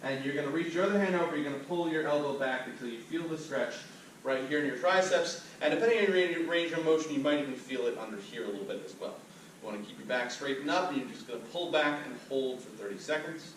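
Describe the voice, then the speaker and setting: A man's voice: mid-range voice, a bit bright, slight background noise. A man as a fitness instructor, talking the viewer step by step through cool-down stretches as he demonstrates them. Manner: upbeat, talks the viewer through each step while demonstrating. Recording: very echoey room, mic at a distance.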